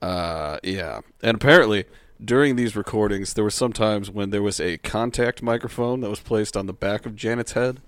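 A laid-back young man co-hosts a podcast, chatting loosely and swearing now and then. His voice sits on the low side and is recorded dry and close, with no room sound at all. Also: normal speed, no echo. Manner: laid-back, laughs often, swears casually. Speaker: podcast co-host. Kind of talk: casual podcast chat.

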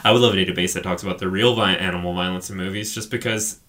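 A man with a fairly low voice co-hosting a film podcast. He rambles through his points in loose, casual speech, swearing freely and filling gaps with "like" and "uh." The talk is relaxed and conversational. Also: rapid-fire. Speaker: podcast co-host.

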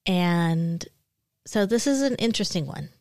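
A woman co-hosting a podcast, chatting in a relaxed way and laughing easily. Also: on the low side, unhurried, no room sound, clean studio sound. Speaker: podcast co-host. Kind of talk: casual chat.

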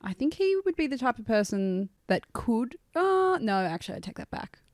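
A woman's voice: fairly high pitch, sing-song, moderate pace, darkish tone, no room sound. Playful young woman, dry sound. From Australia. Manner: playful, teasing, jokey. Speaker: podcast co-host. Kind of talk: casual chat.

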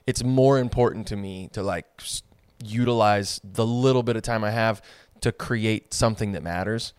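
A man's voice: fairly low pitch, moderate pace, smooth, no room sound. A young man co-hosting a podcast, chatting casually and thinking aloud with lots of fillers. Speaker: podcast co-host. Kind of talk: casual chat.

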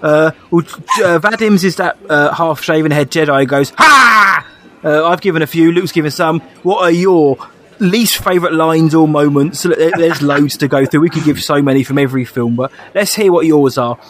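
A man on a casual fan podcast, quick to laugh and tease his co-host while reading listener questions. His voice sits a little high for a man. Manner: jokey, laughs often, reads listener questions.

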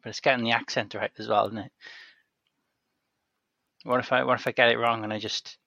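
A man's voice: medium pitch, little pitch movement, a little fast, gravelly, bright, forceful tone, no room sound. A man talking as a podcast guest, hesitant and self-deprecating in casual chat.

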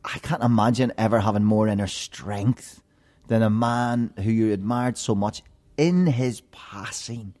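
A man hosting an interview show, playful and animated as he tells stories and quizzes his guest. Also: lowish voice, unhurried. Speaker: host. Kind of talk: lively interview chat.

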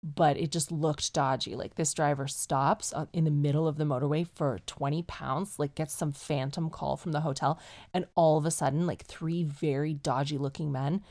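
A woman from the United Kingdom hosting a podcast, chatty and animated, casually telling a travel story while ill. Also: low-pitched, moderate pace.

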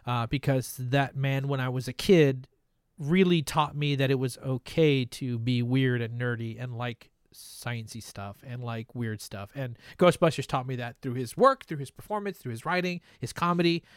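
A man's voice: mid-range voice, moderate pace, clear, resonant tone, no echo. Playful podcast host, man, dry sound. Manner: playful, then earnest when asking questions. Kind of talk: casual chat.

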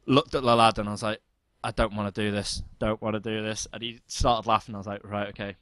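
A man in his thirties co-hosting a podcast, telling a story in animated, casual chat and laughing often. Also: fairly low pitch, fast, clear, resonant tone, dry recording. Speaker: podcast co-host.

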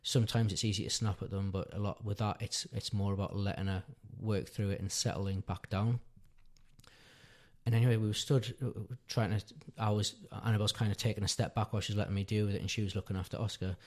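Give me a man in his thirties with a lowish voice, telling a story in an earnest, rambling way. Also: flat delivery, quick pace, darkish tone. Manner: rambling, self-correcting, earnest. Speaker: podcast guest, father. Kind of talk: casual storytelling chat.

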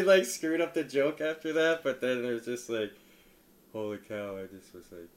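Brief: casual comedian guy, filler-heavy, laughs through his story, dips quiet then bursts loud. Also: normal speed, slight background noise. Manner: laughs often, many "like" fillers, swings from low mumble to loud excited retelling. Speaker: stand-up comedian.

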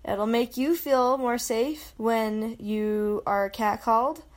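Woman, young adult, podcast host, casual monologue, self-mocking, laughs often, fairly high voice. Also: steady tone, takes it slowly.

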